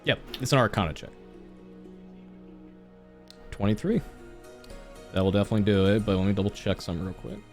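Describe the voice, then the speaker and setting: A man's voice: on the low side, lively intonation, a little fast, long pauses, soft background music. A young man running a tabletop game as game master, talking casually with many fillers and restarts.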